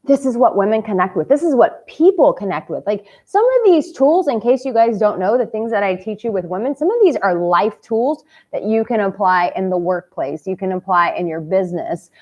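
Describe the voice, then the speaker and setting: A woman's voice: medium pitch, expressive, fairly quick, few pauses, darkish tone. Passionate, cheeky woman coaching men. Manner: passionate, candid and cheeky, swears casually. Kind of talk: direct-to-camera advice vlog.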